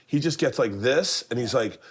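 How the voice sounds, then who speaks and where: A middle-aged man hosting a casual chat, telling stories and acting out quotes in a high excited voice. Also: moderate pace, slightly rough. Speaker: host. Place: home kitchen.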